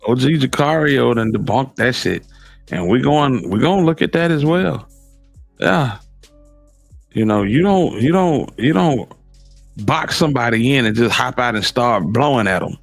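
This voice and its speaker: A man's voice: medium pitch, animated, moderate pace, gravelly, no room sound, faint music behind. A man in casual commentary, reacting to clips with slangy, incredulous asides.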